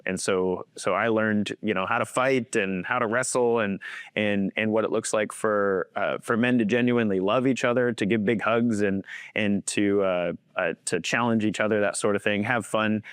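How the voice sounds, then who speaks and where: A man's voice: lowish voice, clean tone, no room sound, clean studio sound. A man in his thirties, a faith-based coach, earnestly telling personal stories as a guest and chuckling often as he talks. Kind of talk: personal storytelling in conversation.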